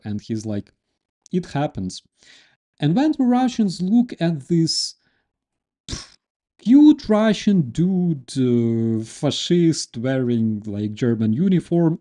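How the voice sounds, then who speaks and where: A man's voice: mid-range voice, dark tone. A man with a Ukrainian accent, native speaker of Ukrainian, hosting a casual movie review and rambling loosely with lots of filler sounds. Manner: greets viewers on the fly. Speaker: host.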